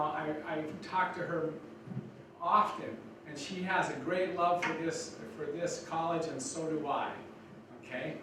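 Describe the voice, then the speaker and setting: An older man giving a rambling, folksy talk to college students, with many restarts. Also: a little high. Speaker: guest speaker. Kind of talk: speech to students. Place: college lecture room. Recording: echoey hall from far off, noisy.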